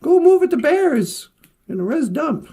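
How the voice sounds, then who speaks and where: A woman's voice: high-pitched, sing-song, unhurried, warm tone. A woman voicing a cheeky male squirrel who speaks bluntly and wants nothing to do with humans. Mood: brash, breezy. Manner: chatty, brash advice-giving.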